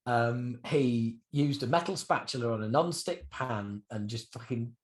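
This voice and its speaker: A man in his fifties, a guest musician telling stories animatedly in a candid interview, swearing freely. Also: unhurried. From United Kingdom. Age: 50s. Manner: animated storyteller with swings in pitch and loudness, swears freely.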